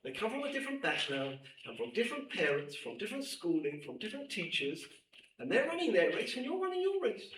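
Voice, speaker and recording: High-voiced male teacher in an echoey room. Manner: animated, emphatic repetition, quotes Hebrew texts quickly. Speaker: teacher at a women's seminary. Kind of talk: lecture to a class. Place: room with a class present. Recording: echoey room, distant mic, faint hiss.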